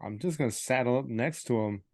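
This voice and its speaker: A man playing a tabletop game, talking in a relaxed, playful way. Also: medium pitch, fairly quick. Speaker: player. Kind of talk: casual tabletop play.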